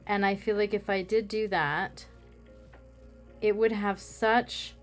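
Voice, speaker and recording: A woman's voice: medium pitch, fairly even intonation, takes it slowly, soft background music. A woman craft vlogger chatting casually while she works, rambling with self-mocking humor.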